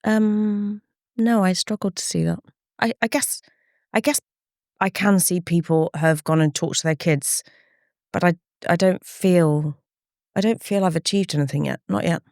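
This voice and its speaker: Earnest woman, lowish voice. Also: unhurried, darkish tone, no echo, studio quality. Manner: earnest, reflective, retells conversations in quoted speech. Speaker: campaigner guest. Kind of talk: candid interview talk.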